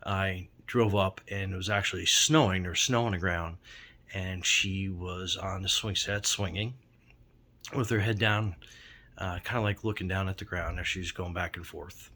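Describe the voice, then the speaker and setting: A man's voice: low voice, fairly even intonation, normal speed, sharp tone. A man casually telling a ghost story from his own life, rambling with many fillers and restarts. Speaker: storyteller recounting a ghost encounter.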